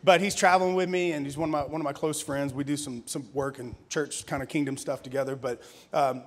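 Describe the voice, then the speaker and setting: Man in his thirties preaching, slightly high voice. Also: steady tone, brisk. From Louisiana, USA. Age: 30s. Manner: conversational storytelling with laughs and restarts. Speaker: pastor. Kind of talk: conference sermon, personal testimony.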